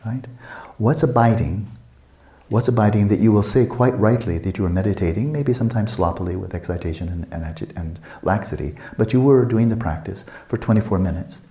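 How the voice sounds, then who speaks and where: A man in his sixties teaching a meditation retreat, talking calmly and reflectively and asking many searching questions. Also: on the low side, fairly quick. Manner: calm, reflective, asks many rhetorical questions.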